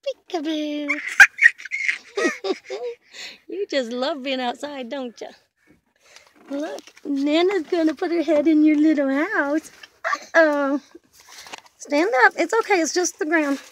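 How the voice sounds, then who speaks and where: A woman's voice: high-pitched, takes it slowly, pauses often, a little hiss or hum. An older woman, a grandmother, talking baby talk to her toddler grandson in a sing-song, coaxing, playful way, outdoors in a back yard.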